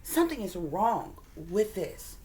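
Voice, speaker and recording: A woman's voice: mid-range voice, sing-song, a little slow, crowd noise. A woman hosting a reaction video, indignant and repeating her points for emphasis. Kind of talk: reaction commentary.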